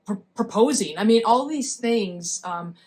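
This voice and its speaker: A woman's voice: medium pitch, measured pace. A woman co-hosting a casual chat, an emcee who tells stories animatedly and jokes around. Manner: animated storyteller, joking. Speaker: co-host, emcee.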